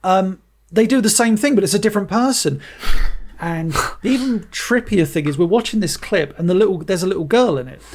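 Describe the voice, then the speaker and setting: A man, co-hosting a movie podcast, telling a story in a lively, casual way. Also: high-pitched, a little fast. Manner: animated anecdote telling. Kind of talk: casual chat.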